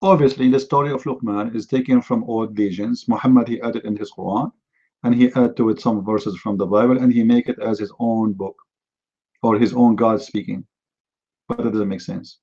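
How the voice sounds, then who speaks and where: Over lo-fi audio, a man with a dark, breathy mid-range voice runs a heated live online debate. He speaks non-native English, repeating himself and using fillers, and taunts with rhetorical questions.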